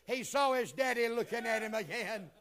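A man preaching a sermon, dropping to a hush and then building to shouted, chanting climaxes. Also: lively intonation, moderate pace. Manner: swings from hushed low lines to shouted climaxes.

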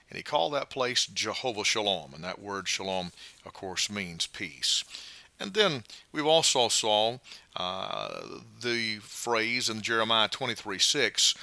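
Pastor with a bright, close voice. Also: male voice, on the low side, no echo. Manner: slow, emphatic preaching with frequent "uh" fillers. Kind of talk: short radio devotional sermon.

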